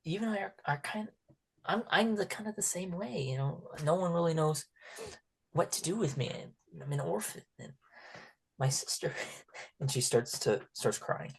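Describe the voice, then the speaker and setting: A man voicing a timid, lonely teenage orphan girl who speaks haltingly and softly, often slipping into a whisper. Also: on the high side, lively intonation, vocal fry, husky, full character voice. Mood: pleading. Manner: hesitant, halting and soft-spoken, often whispering.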